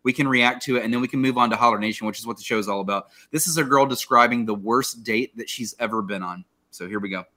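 A man's voice: mid-range voice, quick pace, few pauses, pushed and bright. A man hosting a podcast in loose, profane casual chat who laughs easily. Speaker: podcast host.

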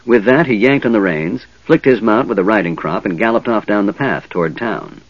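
A man narrating a fantasy audiobook in an expressive reading, recorded dull and dry. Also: lowish voice, fairly quick, no room sound. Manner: lively, expressive reading with many voices.

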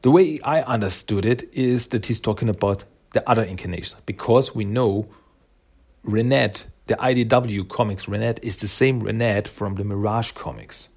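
Chatty man recapping comics, husky, gravelly. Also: on the low side, normal speed, a little mellow. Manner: chatty, laughs often, retells scenes with quotes. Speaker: comic book reviewer.

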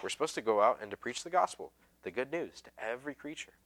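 A male pastor delivers a sermon in a loose, conversational way, stumbling over fillers and restarting sentences as he tells a story. His voice is bright and forward, and he pokes fun at himself with easy humor. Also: medium pitch, expressive, fast talker. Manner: self-deprecating, humorous.

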